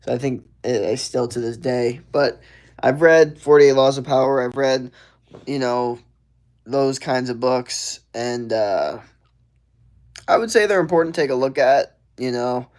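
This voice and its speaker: A young man hosts a casual livestream Q&A. His voice sits at an ordinary middle pitch, and his talk is loose and slangy, rambling along with plenty of fillers. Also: measured pace, darkish tone. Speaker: live streamer answering viewer questions.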